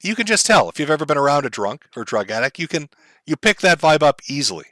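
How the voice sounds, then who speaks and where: A man hosting a stream, calmly explaining background with plenty of ums and uhs. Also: a little high, no room sound. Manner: calm, measured, many fillers. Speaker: commentary streamer.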